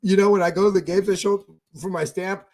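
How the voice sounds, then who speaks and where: A man's voice: high voice, fairly even intonation, fast, darkish tone. Rambling upbeat male podcast host. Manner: rambling storyteller, many fillers and restarts. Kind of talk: casual fan podcast chat.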